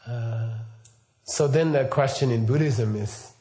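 Slow and warm, with a medium-pitched voice, a middle-aged Buddhist teacher delivers a loose, wandering talk. It's casual spoken teaching in which he frequently checks in by asking questions and saying "okay" and "right."

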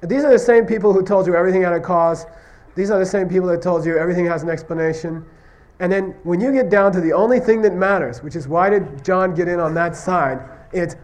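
Here a male Buddhist teacher with a slightly high voice delivers a chatty classroom lecture quickly, with hardly any pauses. He constantly checks in with "okay?" and "you see what I mean?", and he illustrates points through stories where he plays out questions and answers.

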